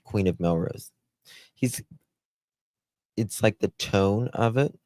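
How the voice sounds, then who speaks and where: A man's voice: fairly low pitch, takes it slowly, darkish tone, dry recording. A man hosting a live true-crime stream, chatty and exclamatory, thinking aloud as he goes.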